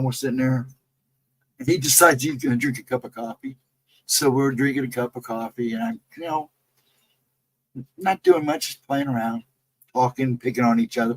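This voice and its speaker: A man with a medium-pitched voice appears as a guest storyteller on a live stream, casually recounting a ghost story from a camping trip. He rambles loosely, repeating himself and leaning on "I mean" and "you know." The recording is low quality.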